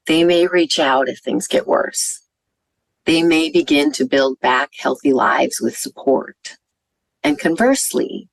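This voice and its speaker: Giving an earnest conference talk at the venue, a woman physician tells warm stories with some fillers. She has a low voice with vocal fry, and the low-quality recording has no room sound.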